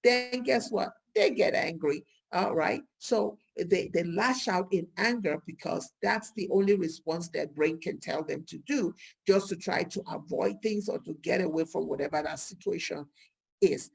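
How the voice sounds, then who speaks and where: Brief: husky, gravelly woman vlogger, chatty and lively, full of rhetorical questions. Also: lowish voice, normal speed. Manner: lively, rhetorical questions, acts out quoted speech. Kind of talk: casual talk to camera.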